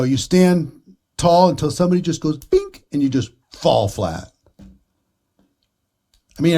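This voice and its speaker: A man's voice: fairly high pitch, darkish tone. A middle-aged man giving a daily motivational talk on business, telling stories in a casual, conversational way with rising emphasis. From Minnesota, USA. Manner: storytelling, conversational, with rising emphasis and sound effects. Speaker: network marketing trainer.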